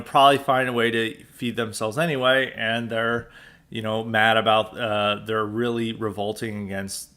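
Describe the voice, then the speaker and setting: A medium-pitched, slightly bright American man hosts a podcast, offering sarcastic, emphatic political commentary in monologue form. He keeps breaking off and restarting sentences.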